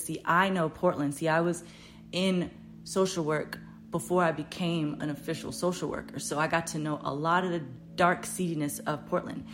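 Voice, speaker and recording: A woman podcast host telling a story in a casual, animated, profane way, her voice jumping up loud when she quotes herself. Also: low voice, a little hiss or hum.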